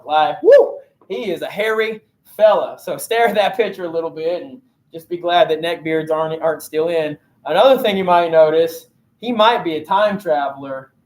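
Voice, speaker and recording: A man teaching a history lesson in a casual, joking way, with slangy asides as he explains. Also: high-pitched. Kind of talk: recorded classroom lesson.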